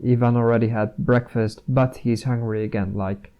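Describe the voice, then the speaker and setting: A Dutch man giving a casual language lesson, explaining slowly, repeating words and pausing with fillers. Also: mid-range voice, fairly even intonation, dark tone, dull audio. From Netherlands. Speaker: language vlogger.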